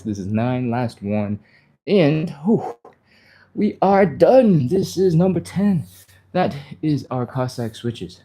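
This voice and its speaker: A man's voice: lowish voice, dark tone. A man leading a live follow-along stretching class, talking casually while he exercises and getting a little out of breath. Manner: talks while exercising, breathy exertion sounds and sighs; encouraging, casual, reads viewer comments aloud. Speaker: stretching instructor.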